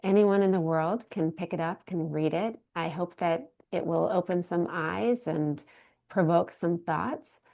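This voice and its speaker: Woman interviewer, low, gravelly, appreciative, video call. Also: unhurried, dark tone. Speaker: interviewer, professor. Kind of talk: interview hosting.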